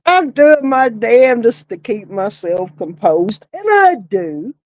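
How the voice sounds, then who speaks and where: A middle-aged woman tells a story in a slow, unhurried drawl, breaking into laughter again and again. Her voice sits a little high and sounds close and dry, with no room around it. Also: big pitch swings, no echo, poor audio. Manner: laughs often while telling a story, swears casually. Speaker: podcast co-host, former funeral director. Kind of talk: casual storytelling chat.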